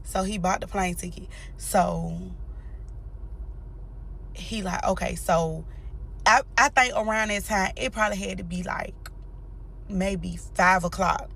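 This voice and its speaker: A woman's voice: mid-range voice, unhurried, vocal fry, long pauses, a bit bright, a little hiss or hum. A young woman telling a personal story straight to her viewers, blunt and full of cursing. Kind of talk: casual storytime vlog.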